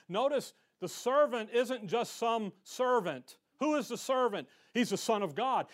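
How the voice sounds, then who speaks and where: A man with a notably high voice leads an evening Bible study. He talks in a casual, folksy way, drops slangy asides, and hits his main points with strong emphasis. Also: moderate pace, hardly any pauses. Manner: emphatic when stressing key points. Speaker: Bible teacher.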